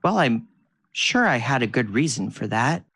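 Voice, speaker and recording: Brief: kindly, measured frost goddess, put on by a man. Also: mid-range voice, big pitch swings, fairly bright tone, husky, dry recording, studio quality, exaggerated voice. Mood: calm. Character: calm female ice goddess, composed and kindly.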